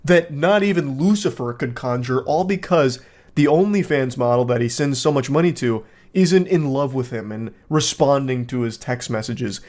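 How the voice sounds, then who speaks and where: A man giving casual online video commentary with sarcastic, deadpan asides. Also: mid-range voice.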